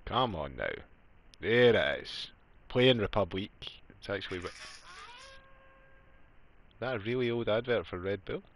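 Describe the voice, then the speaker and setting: A man's voice: fairly low pitch, animated, measured pace, long pauses. A man live-streaming a game, chatty and joking, laughing often as he talks to his viewers. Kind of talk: casual live-stream chat.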